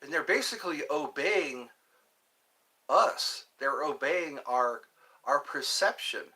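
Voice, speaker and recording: Man, solo live stream host, unhurried rambling delivery, bright tone. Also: on the high side, animated. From United States. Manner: slow, meandering musings that answer viewer chat.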